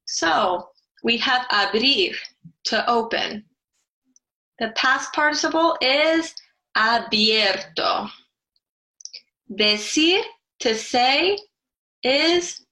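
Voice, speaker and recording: A woman's voice: high voice, pushed and bright, rough recording. A woman teaching a Spanish grammar lesson, explaining carefully and spelling out letters.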